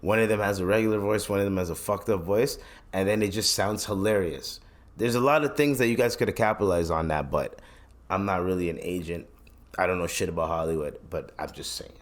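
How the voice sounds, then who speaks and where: In a low voice and at a slightly fast clip, a man hosts a solo podcast rant full of profanity and slang. He's blunt and heated, rambling and restarting his sentences often.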